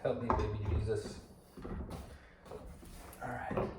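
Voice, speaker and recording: In a lowish voice with flat delivery, a man takes his time walking through a bike assembly and unboxing. He rambles to himself while working and tosses in joking asides, captured on a distant mic in a roomy space with clear background noise.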